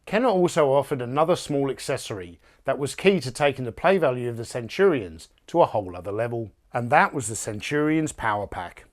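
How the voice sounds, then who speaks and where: A man reading a scripted toy review narration in an even, polished way. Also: medium pitch, fairly quick, few pauses.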